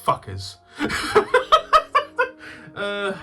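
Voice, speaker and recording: A man hosting a game-collecting channel, chatting casually as he opens his games, swearing freely and bursting into loud laughter. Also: fairly high pitch, animated, moderate pace, soft background music. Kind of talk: casual unboxing chat.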